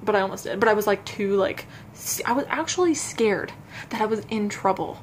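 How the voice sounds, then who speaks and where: A young adult woman vlogging to camera, telling a personal story in a halting, self-conscious way with frequent restarts. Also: medium pitch, expressive, a little hiss or hum.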